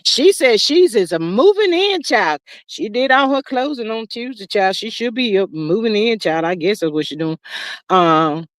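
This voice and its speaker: A woman's voice: medium pitch, animated, no echo. An older woman hosting a casual gossip livestream, drawling and calling listeners child and honey. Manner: folksy, drawn-out, calls listeners child and honey. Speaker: livestream host.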